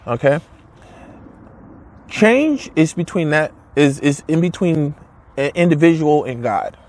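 A man's voice: fairly high pitch, darkish tone. A man giving an emphatic, casual motivational talk to camera, repeating his points and asking rhetorical questions, with blunt wording. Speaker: motivational speaker.

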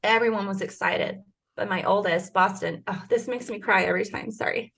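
A woman's voice: medium pitch, brisk, creaky, a bit bright, slightly rough. A woman in her forties telling a personal story as a podcast guest, earnest and emotional, with frequent restarts. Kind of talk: casual conversation.

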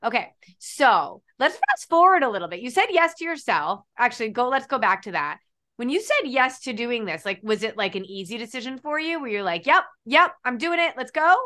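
A woman's voice: on the high side, very animated, a little fast, pushed and bright. A woman hosting a casual interview, enthusiastic and encouraging as she asks questions. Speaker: host.

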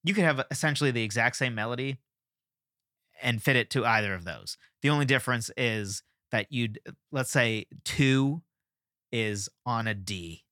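A man's voice: medium pitch, moderate pace, sharp tone, dry recording, studio quality. A male podcast host explaining ideas in a casual monologue, thinking aloud with restarts and checking in with "right?".

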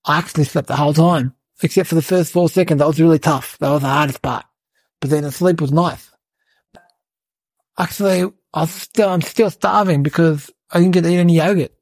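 A mischievous little boy with a low, gravelly, husky voice, played by a woman, rambling through his story with deadpan childlike logic. The sound is dry and close. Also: a little fast, dry recording. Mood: cheeky. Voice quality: creaky, husky. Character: cheeky mischievous little boy, clueless and carefree. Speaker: podcast comic character narrator. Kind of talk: comic character monologue.

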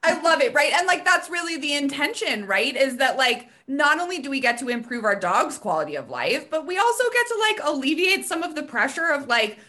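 A woman's voice: high-pitched, sing-song, brisk, hardly any pauses, pushed and bright. A woman hosting a podcast interview about dog training, enthusiastic and exclaiming often. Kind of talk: casual interview chat.

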